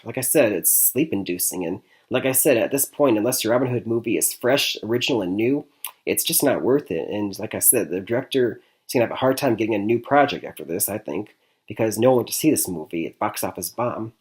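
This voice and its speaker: A man's voice: fairly low pitch, expressive, fairly quick, darkish tone. Chatty man from Michigan reviewing movies. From Michigan, USA. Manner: chatty, repeats "I mean" and "like I said", laughs often. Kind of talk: casual spoken movie review.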